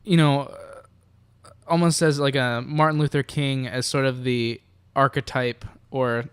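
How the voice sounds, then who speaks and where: A young Southern US man co-hosts a podcast in a mid-range, steady, resonant voice that is clear and unhurried. His casual chat rambles and hesitates, with lots of fillers and restarts.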